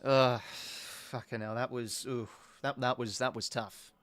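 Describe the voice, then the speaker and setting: An Australian man hosting a live football watch-along, talking as an excitable, sweary fan who reacts to each play. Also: mid-range voice, a little slow. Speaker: host.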